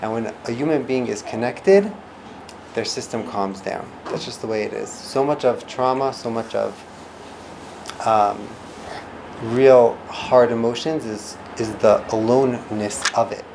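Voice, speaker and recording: A man giving an informal lesson on listening and calming people, acting out quoted reactions and often restarting his sentences. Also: unhurried, creaky, poor audio. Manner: animated, acts out quoted reactions with big pitch jumps; frequent restarts and trailing phrases. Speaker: instructor teaching parenting and communication skills. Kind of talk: informal teaching talk. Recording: noticeable background noise.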